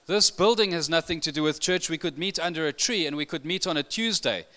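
A man preaching a sermon, expressive and emphatic, his voice lifting when he quotes scripture. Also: fairly high pitch, fairly quick.

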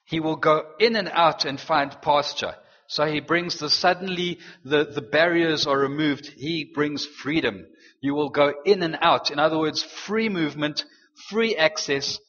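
A man preaching a sermon, slowing down and rising on key phrases for emphasis. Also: on the high side, a bit bright. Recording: dull sound in a long-reverb hall.

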